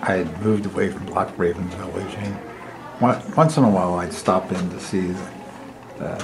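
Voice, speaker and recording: A man, a family friend, slowly telling an amused anecdote at a memorial dinner. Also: low voice, fairly even intonation. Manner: slow, unhurried, amused. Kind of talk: casual storytelling at a memorial dinner. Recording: noisy room.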